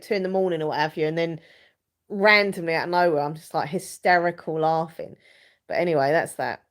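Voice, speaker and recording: A young woman hosting a casual live chat from home, rambling and giggling as she reads viewers' comments. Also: mid-range voice. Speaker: live stream host.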